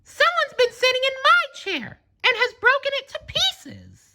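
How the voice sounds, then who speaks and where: A man voicing a small young boy bear cub in a storybook, exclaiming in a squeaky, whiny voice. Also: lively intonation, measured pace, sharp tone, full character voice. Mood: upset.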